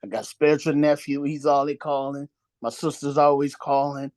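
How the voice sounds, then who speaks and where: A man's voice: on the high side, completely flat delivery, normal speed, a little mellow, no room sound. A man in a casual group discussion, talking in a hesitant, chatty way with restarts. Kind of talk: casual chat.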